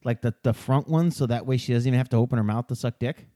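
A man in a studio, joking loudly and crudely in casual banter, full of profanity. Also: mid-range voice, fast talker, dry recording. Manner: loud, joking, profane, does silly voices.

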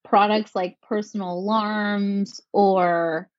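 A woman co-founder answering interview questions in a measured, articulate way, with a touch of dry sarcasm. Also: mid-range voice, steady tone, dry recording, muffled recording. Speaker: company co-founder.

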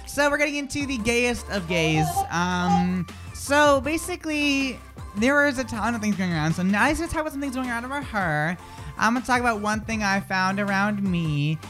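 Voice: mid-range voice, lively intonation, moderate pace, music in the background. A radio co-host, chatting casually on air in a giggly, rambling, jokey way. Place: radio studio.

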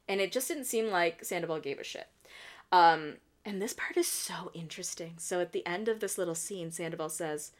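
A woman in casual podcast chat, breaking down reality-TV drama with strong opinions. Her voice sits a little low for a woman, and she talks loosely, full of "like" and quick asides. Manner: opinionated, chatty, heavy use of "like". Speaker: podcast host.

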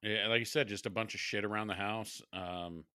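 A man in his thirties chats loosely on a podcast, rambling and swearing and breaking into laughter. His voice is lowish yet bright and forward. The sound is dry and close. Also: steady tone, moderate pace, dry recording. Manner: rambling, profane, laughs often. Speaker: podcast co-host. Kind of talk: casual chat.

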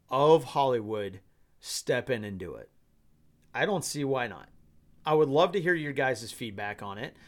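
A man hosting a solo podcast, giving rambling commentary in an animated way and laughing often. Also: mid-range voice. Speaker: podcast host.

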